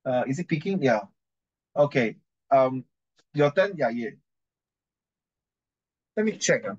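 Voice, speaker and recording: A man's voice: mid-range voice, expressive, takes it slowly, husky, dull audio. Chatty man teaching an English reading class. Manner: chatty, repeats and corrects himself, mixes in Chinese.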